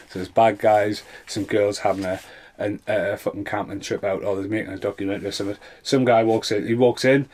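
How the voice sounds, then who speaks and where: A man with a fairly low voice talks through a run of bad films in a loose, off-the-cuff review. He is sarcastic and swears constantly. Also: steady tone, fairly quick, darkish tone. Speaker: film reviewer. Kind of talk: casual spoken review.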